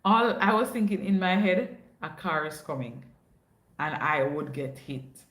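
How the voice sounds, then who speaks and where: A woman's voice: fairly low pitch, expressive, a little slow, a bit bright. A young woman with a Jamaican accent, hosting a casual livestream chat and telling stories, slipping into patois now and then. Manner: chatty storyteller, drops into patois. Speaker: livestream host. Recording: echoey room.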